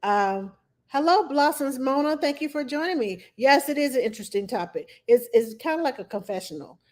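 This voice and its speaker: Animated woman telling nanny stories. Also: high voice, brisk. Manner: animated storytelling, acts out her own past thoughts. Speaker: nanny and livestream host. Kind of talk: casual livestream chat.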